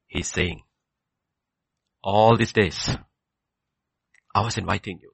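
A man preaching a sermon with passion, leaping from loud exclamations down to hushed near-whispers. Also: low voice, unhurried, creaky, pauses often, husky, no echo.

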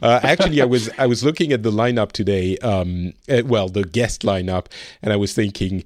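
A man hosting a podcast in casual chat, upbeat and quick to laugh. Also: on the low side, no echo, clean studio sound. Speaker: podcast host.

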